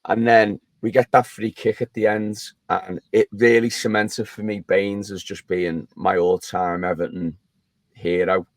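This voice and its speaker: Man, lowish voice, dry sound; podcast co-host on a remote call, rambling storyteller who restarts his sentences. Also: level tone, a little slow, dry recording. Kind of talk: casual chat.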